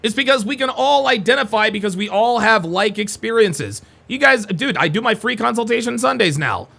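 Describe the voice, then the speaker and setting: A man's voice: high-pitched, expressive, normal speed, vocal fry, bright, forceful tone. A man hosting a live reaction stream, talking bluntly and mockingly and swearing freely as he comments on a debate clip.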